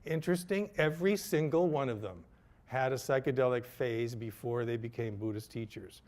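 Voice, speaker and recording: An older man tells a personal story in a reflective, candid way. His voice sits at an ordinary middle pitch, and he stays wry enough to laugh at himself. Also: moderate pace, darkish tone. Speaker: speaker telling his story.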